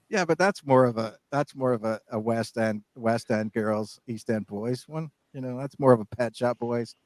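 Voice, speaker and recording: A man's voice: medium pitch, moderate pace, a little mellow, no echo. Rambling jokey male podcast co-host. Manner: rambling, restarts and trails off, jokey. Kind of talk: casual banter.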